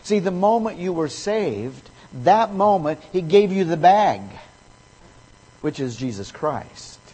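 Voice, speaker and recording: A man delivers a sermon in a slow, deliberate cadence, his voice slightly husky. He leans on repetition and emphasis to drive each point home. The sound rings out with the long reverb of a large hall. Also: high voice, big pitch swings, warm tone. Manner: emphatic, repeats key phrases. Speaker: preacher.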